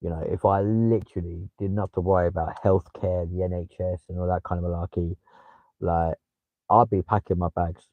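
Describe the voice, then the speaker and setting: Young london guy on a livestream, low mellow voice, dry close sound, swears a lot. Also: steady tone, normal speed, dry recording, narrow, tinny audio. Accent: London English. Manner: chatty, swears casually, talks to viewers by name. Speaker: livestream host. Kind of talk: casual livestream chat.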